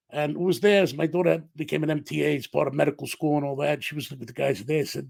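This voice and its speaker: A middle-aged man, a podcast guest, telling a story in an animated way and acting out the dialogue. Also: on the high side, racing, gravelly, hardly any pauses, no room sound.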